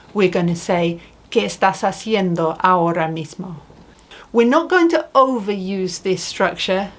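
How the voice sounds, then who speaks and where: Woman, teacher, slow and patient, mid-pitched voice, asks questions and models phrases. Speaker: Spanish teacher. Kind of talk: slow spoken language lesson.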